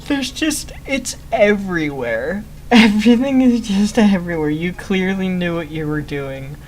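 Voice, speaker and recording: A woman's voice: medium pitch, expressive, measured pace, darkish tone, slight background noise, poor audio. A young woman chatting casually over her gameplay, often laughing in amused disbelief at what she once built. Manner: laughs often, amused and incredulous at her own old build. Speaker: game streamer.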